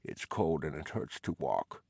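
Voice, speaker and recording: A man voicing a troubled male asylum patient who mutters the same complaint over and over, softly and slowly. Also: very deep voice, big pitch swings, gravelly, husky, dry recording, studio quality, exaggerated voice. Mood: mumbling fixated. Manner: mumbling, repetitive, subdued.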